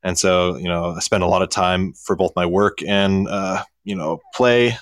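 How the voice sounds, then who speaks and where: A man calling in as a guest fisheries ecologist, talking in a relaxed, friendly way with plenty of fillers. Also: low voice, normal speed, no room sound, clean studio sound. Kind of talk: casual call-in explanation.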